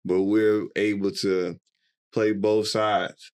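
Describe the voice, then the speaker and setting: Playful low-voiced podcast host. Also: male voice, flat delivery, slow pace, a little mellow, smooth. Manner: playful, quizzing, laughing often. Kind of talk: casual podcast conversation.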